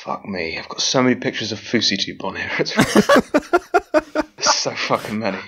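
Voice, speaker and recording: A man's voice: on the low side, wildly swooping pitch, normal speed, sharp tone, husky. A man as a podcast guest, chatting in a rambling, hesitant way. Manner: rambling, hesitant, self-conscious. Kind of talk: casual podcast chat over a call.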